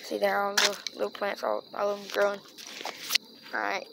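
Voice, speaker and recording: A woman's voice: mid-range voice, fairly quick, creaky. Woman, chatty vlogger, rambling, phone held in hand, outdoors, noisy background. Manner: chatty, rambling, talks to viewers as y'all. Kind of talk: casual rambling vlog. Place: outdoors at night, yard and street. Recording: phone recording with steady background noise.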